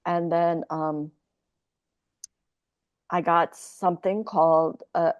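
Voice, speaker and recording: A woman's voice: fairly low pitch, fairly even intonation, takes it slowly, clean tone, dull audio. A woman in her sixties, a podcast guest telling a candid personal story in a rambling, profane way, full of fillers and restarts.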